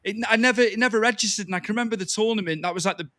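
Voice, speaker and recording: A man with a high, bright voice hosts a relaxed podcast chat. He chimes in keenly and swaps memories. The sound is close and dry. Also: rapid-fire, no room sound. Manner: chatty, eager to agree and chime in. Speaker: podcast host. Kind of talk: casual chat.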